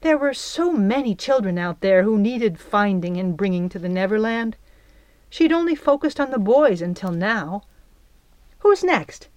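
A woman narrating an audiobook in a calm, even storytelling voice. The recording is dry and close, with no room sound. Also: mid-range voice, normal speed, no echo.

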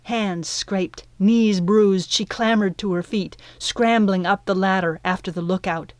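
A woman giving a scripted audiobook narration of a story, in an even, measured way. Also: mid-range voice, no echo.

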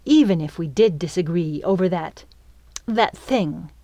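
A woman's voice: on the low side, lively intonation, a little slow, dark tone, no room sound. A woman voicing a vain, scheming female fairy who speaks in a sweet, coaxing croon.

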